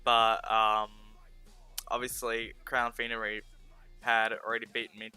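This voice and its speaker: Man, South Australian accent, casual gaming-stream chat, rambling, sarcastic, bright clear voice, faint music behind. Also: on the low side, monotone, a little slow. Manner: rambling, sarcastic, self-correcting. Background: faint background music.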